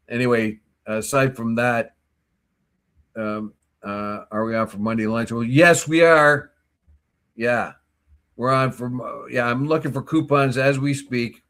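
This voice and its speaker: A man co-hosting a morning talk show, telling stories and giving opinions in a casual, animated way. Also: mid-range voice, unhurried. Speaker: co-host. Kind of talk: casual chat.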